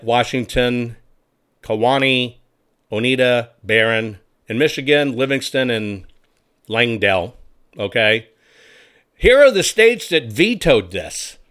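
A man's voice: mid-range voice, a bit bright. A man ranting in political commentary, angry, sarcastic and crude.

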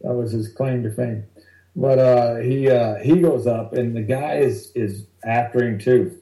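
Mellow-voiced man spinning comedy road stories. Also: mid-range voice, measured pace, echoey room, low-quality recording. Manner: animated, rambling anecdotes that act out other people's lines. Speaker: stand-up comedian guest. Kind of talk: casual storytelling interview.

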